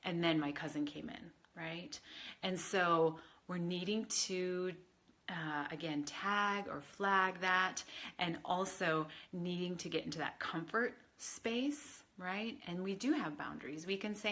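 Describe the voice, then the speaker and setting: A woman's voice: lowish voice, takes it slowly, pushed and bright. A woman spiritual advisor talking casually on a livestream, chatty and rambling with many fillers, answering viewers. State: tearful at times.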